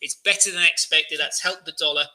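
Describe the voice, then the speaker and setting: A man's voice: on the high side, fairly even intonation, fairly quick, pushed and bright, poor audio. A man hosting a live trading Q&A, talking through charts in a chatty way, full of fillers and questions to his viewers. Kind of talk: live-stream market commentary.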